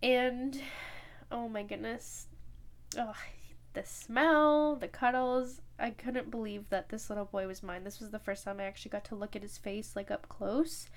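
A young woman telling a personal story in an emotional way, full of quoted dialogue and fillers. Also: a little high. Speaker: podcast host.

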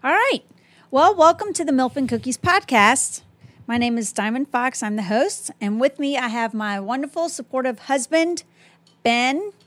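A woman hosts a casual podcast, speaking bluntly and openly. Her voice sits a bit high, and her talk is loose, with ums and restarts. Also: expressive, a bit bright. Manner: frank, plain-spoken, with filler pauses. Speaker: podcast host.

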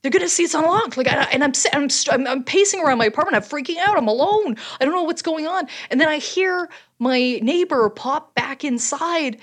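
A woman's voice: high voice, animated, brisk, few pauses. A young woman from Canada co-hosting a podcast, telling a casual story with laughs and swearing. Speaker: podcast co-host.

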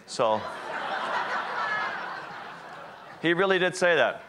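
A wildlife photographer giving an animated, self-deprecating storytelling talk to an audience. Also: male voice, fairly high pitch, slow, pauses often, background noise. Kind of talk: storytelling presentation.

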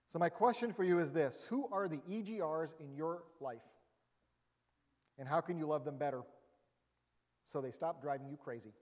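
Humorous pastor with a raised voice. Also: male voice, a little high, a little fast, in a large hall. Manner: conversational, humorous, rising emphatic bursts. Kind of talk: sermon.

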